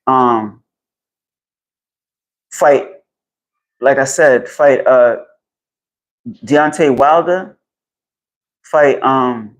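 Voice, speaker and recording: A man rambling casually and profanely on a phone live stream while walking outdoors, getting animated as he talks. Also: mid-range voice, extremely slow, long pauses, rough recording. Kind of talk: casual live-stream chat about boxing. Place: outdoors in the heat. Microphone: phone held while walking outdoors.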